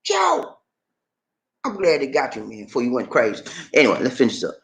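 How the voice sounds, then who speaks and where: A man hosting animated, joking commentary on a news story, talking straight to his audience and repeating himself. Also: mid-range voice, very fast. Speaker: host.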